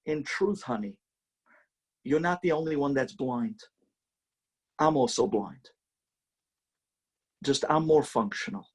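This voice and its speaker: Brief: tender blind husband, husky and earnest, voiced by a man. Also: medium pitch, a little mellow. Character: devoted blind husband, gentle and selfless.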